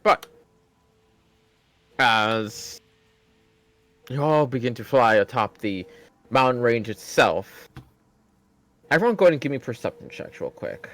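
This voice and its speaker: A man's voice: mid-range voice, expressive, a little slow, pauses often, fairly bright tone. A man narrating as dungeon master in a casual tabletop game, swearing freely and laughing often between lines.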